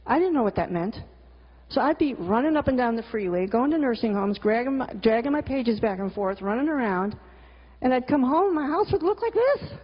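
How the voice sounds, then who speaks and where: A middle-aged cartoonist and teacher gives a candid storytelling talk with slides, swearing freely and tossing in exasperated asides. Her voice is fairly high, expressive, and a little fast, on a lo-fi recording with a long hall reverb.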